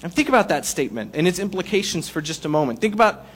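A man preaching a sermon to a congregation, in a conversational, animated way with playful asides. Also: sits high, quick pace. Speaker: pastor.

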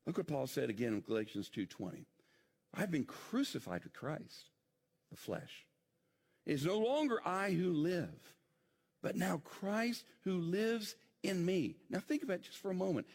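Male pastor, slightly high voice, very animated sermon delivery. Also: in a large hall. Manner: animated preaching, swinging between emphatic high peaks and low quiet drops.

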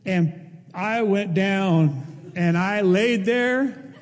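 A male pastor preaching a sermon in an impassioned way, his voice rising toward near-shouts. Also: sits high, drawn-out words, in a large hall.

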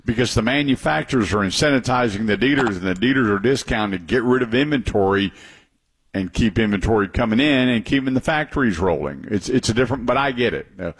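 A middle-aged man hosting a radio talk show, chatting and telling stories in a lively, joking way. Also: medium pitch, fast talker, husky. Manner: chatty, lively storyteller with laughs.

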